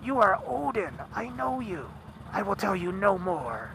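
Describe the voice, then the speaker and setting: A man voicing an ancient female seeress who speaks slowly and ominously, over car engine noise. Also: high-pitched, sing-song, vocal fry, a bit bright, voice pushed up, exaggerated voice. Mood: hushed.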